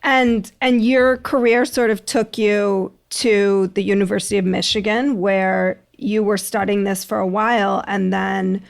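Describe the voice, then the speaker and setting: Female podcast host, mid-pitched, animated and conversational. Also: a little slow, vocal fry, hardly any pauses. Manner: animated, thinking aloud with restarts and frequent affirmations.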